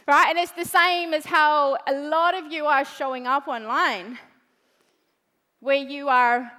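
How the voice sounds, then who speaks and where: A woman's voice: high-pitched, sharp tone. A woman giving a brash, swearing motivational talk on a big event stage. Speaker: motivational speaker. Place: large event hall stage. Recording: reverberant large hall.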